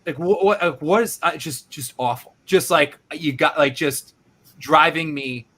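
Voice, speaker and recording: A male podcast host telling a casual, animated story, swearing freely and acting out his own reactions. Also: a little high, measured pace.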